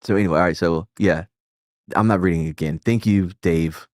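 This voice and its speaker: Rambling, profane low-voiced male streamer. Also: a little fast, no echo, studio quality. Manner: rambling and profane, with many restarts and self-interruptions. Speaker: streamer and host. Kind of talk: casual live-stream chat.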